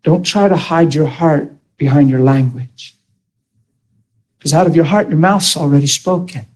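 A man's voice: fairly high pitch, a little slow, darkish tone. A man preaching to a class in a sermon-style talk, emphatic and often asking the listeners if they follow him. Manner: emphatic, with rhetorical questions to the listeners.

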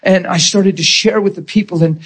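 A male preacher telling a story in a sermon, animated and emotional. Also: high-pitched, moderate pace, breathy edge.

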